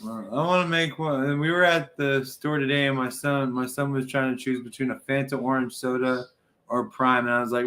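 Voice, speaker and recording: A man's voice: mid-range voice, fairly even intonation, fairly quick, a bit bright. A man hosting a casual wrestling chat podcast, rambling and swearing freely with many restarts. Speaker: podcast host.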